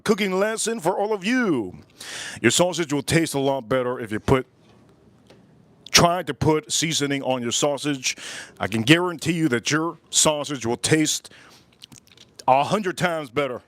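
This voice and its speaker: A man's voice: a little high, dry recording. A man hosting a live cooking demo at a windy outdoor grill, rambling and joking, often repeating his phrases. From United States. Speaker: cooking livestream host.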